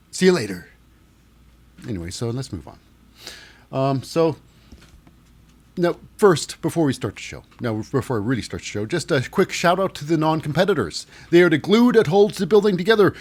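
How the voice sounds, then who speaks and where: A man's voice: on the high side, breathy edge. A man casually recapping a wrestling show, jokey and rambling with lots of fillers.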